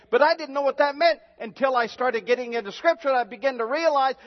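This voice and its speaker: A pastor preaching a sermon and reading scripture, emphatic and building to shouts, with slow, drawn-out reading of the verses. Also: male voice, very high voice. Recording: dull lo-fi sound in a reverberant hall.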